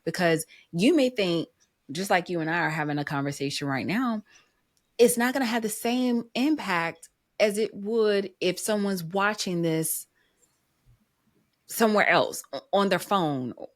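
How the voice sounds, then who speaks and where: A woman's voice: medium pitch, expressive, a little slow. A woman hosting a podcast interview, chatting enthusiastically and speaking directly to listeners. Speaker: podcast host.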